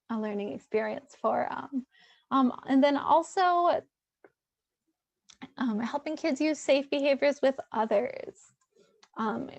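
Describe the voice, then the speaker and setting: A woman's voice: high-pitched, a little mellow, no echo, muffled recording. A woman therapist presenting a webinar in a loose, conversational way, with many fillers and restarts.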